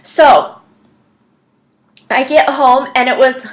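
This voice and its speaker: A woman's voice: sits high, takes it slowly. A woman telling her personal story as a fitness coach, earnest and chatty with lots of fillers. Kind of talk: personal story, casual monologue.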